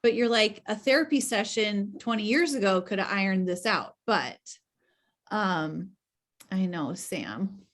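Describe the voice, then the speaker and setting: A woman hosting a book club on a video call, retelling the story in an animated and emotional way. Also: mid-range voice, a little slow. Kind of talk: casual book discussion.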